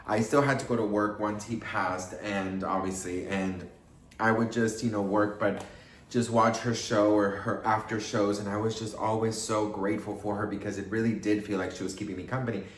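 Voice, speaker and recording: A man hosting a chatty celebrity commentary vlog in a sassy, campy, animated way, calling viewers best friend. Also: on the low side, roomy sound. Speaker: YouTube commentary host. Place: in Paris, in a room.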